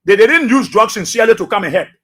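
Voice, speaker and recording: A man's voice: sits high, animated, racing, fairly bright tone. A man with a Liberian English accent hosting political talk radio, passionate and repeating phrases for emphasis.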